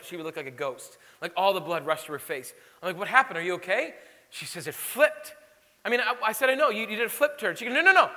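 A man preaching a sermon as pastor, telling stories with animated exclamations. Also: high voice, long reverb tail. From Illinois. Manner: animated storytelling, lively exclamations.

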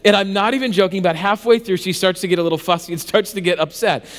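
High-voiced pastor in a reverberant hall. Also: male voice, fast talker. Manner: self-mocking storyteller, animated and conversational with frequent restarts. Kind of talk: sermon with a comic personal story.

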